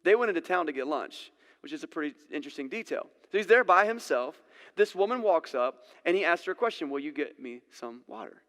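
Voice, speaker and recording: A man's voice: high voice, animated, quick pace, a bit bright. A man preaching a sermon in a casual, conversational way, acting out the scenes he retells. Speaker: pastor. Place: church sanctuary. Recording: long church-hall reverb.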